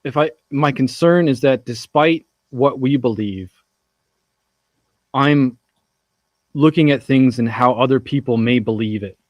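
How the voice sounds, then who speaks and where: A man in a casual talk who muses over his concerns and often restarts his sentences. His voice is at a middle pitch and sounds dry and close to the mic. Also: measured pace, pauses often, no echo, highs cut off. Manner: reflective, hesitant, restarts sentences. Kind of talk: casual discussion.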